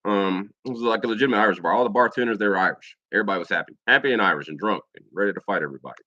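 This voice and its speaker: A man's voice: fairly low pitch, rapid-fire, sharp tone, dry recording, muffled recording. An American man and Air Force veteran telling a profane personal story in a casual vlog monologue, mimicking other people's lines as he goes. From United States.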